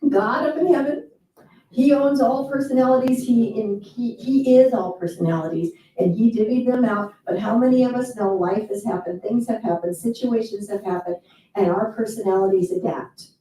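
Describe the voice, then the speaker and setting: A motivational speaker gives an enthusiastic, playful seminar talk to a live audience, breaking into quoted asides. Her mellow voice is a little high and moderately paced, and she sounds far from the mic in an echoey hall.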